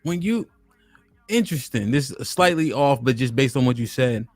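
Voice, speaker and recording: A man's voice: mid-range voice, expressive, moderate pace. A man hosting a podcast interview in a casual, laid-back way, loose with slang and filled with "you know" and "um". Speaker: podcast host. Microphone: studio dynamic microphone.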